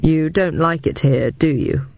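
A narrator voicing a calm, guarded middle-aged male agent who speaks slowly and quietly. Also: a little high, creaky, dry recording. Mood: candid. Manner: slow, hushed, measured.

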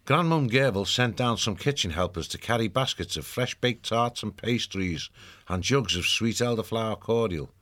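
A man reading a children's fantasy novel aloud as the narrator, in an even storytelling delivery. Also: on the low side, normal speed. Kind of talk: scripted audiobook narration.

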